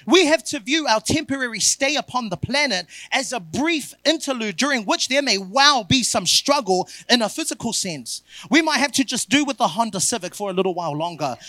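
Male pastor, sermon, rising repeated refrains, bright ringing tone, dry close sound. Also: high-pitched, no room sound. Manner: builds to loud repeated refrains.

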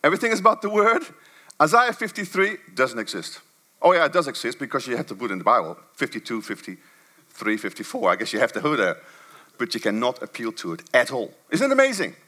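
A man preaching a sermon to a church congregation, swinging from low murmurs to high, emphatic bursts. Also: very animated, fast talker, sharp tone.

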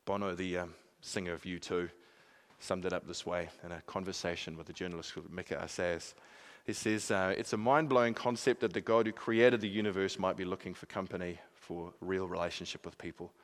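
A man preaching a sermon in an earnest way, swinging from emphatic peaks to quiet, soft passages. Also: sits low, fairly even intonation, brisk.

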